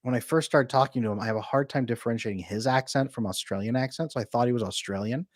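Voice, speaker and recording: This man, a relationship coach, hosts a live Q&A from a home room with bookshelves behind him, joking and chatting as he responds to comments from viewers and laughing readily. His pitch sits in the middle range. Audio is studio quality without any echo.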